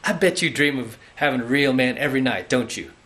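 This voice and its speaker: A man's voice: medium pitch, a little fast, a bit bright, lightly acted. A man putting on the voice of a brash, menacing male boxer who taunts his rival in a swaggering way. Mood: leering.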